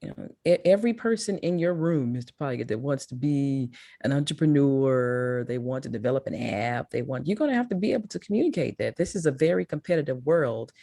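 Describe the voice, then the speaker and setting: A woman's voice: a bass voice, lively intonation, brisk, creaky, mellow, dry recording, studio quality. A woman from Memphis with a Mississippi accent, giving an emphatic, encouraging motivational talk to students as a guest speaker. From Memphis, USA. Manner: emphatic, encouraging, repeats for stress.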